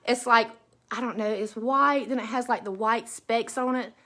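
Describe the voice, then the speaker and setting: High-voiced Southern woman chatting live. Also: steady tone, moderate pace, fairly bright tone. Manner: chatty, greets viewers by name, drawling. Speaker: craft live-streamer. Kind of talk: casual live-stream chat. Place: at home beside a Christmas tree.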